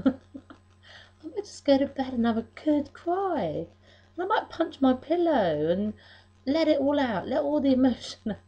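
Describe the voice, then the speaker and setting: Middle-aged lady vlogging about faith, husky voice, stops and restarts a lot, dull lo-fi sound. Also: medium pitch, mellow. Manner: emotional, halting, many restarts. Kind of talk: personal faith video diary.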